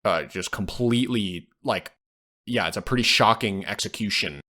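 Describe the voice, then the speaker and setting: A man's voice: on the low side, moderate pace, pushed and bright. A man co-hosting a podcast, casually retelling film scenes and acting out the quoted lines. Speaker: podcast co-host. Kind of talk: casual film review chat.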